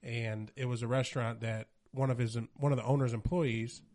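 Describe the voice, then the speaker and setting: A man's voice: mid-range voice, fairly even intonation, moderate pace, darkish tone. Laid-back man in casual chat. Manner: laid-back, profane, retells with quoted voices.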